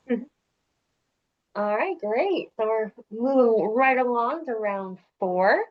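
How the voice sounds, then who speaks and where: Lively, slow-reading woman with muffled audio. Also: fairly high pitch. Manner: reads every question and its options twice, lightly joking. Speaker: trivia quiz host. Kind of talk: reading multiple-choice questions.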